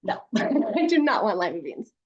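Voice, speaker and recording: A woman guides a group through a gentle exercise and coaches them in an easy, chatty way, laughing often as she goes. Her voice sits at an ordinary middle pitch. The sound is a little dull and lo-fi, like audio from a video call. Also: sing-song, moderate pace. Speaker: workshop leader.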